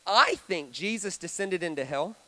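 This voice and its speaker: A high-voiced male preacher delivers a storytelling sermon at a normal pace. He is animated and dramatic, swinging suddenly between loud and soft, and stays conversational by asking the audience questions.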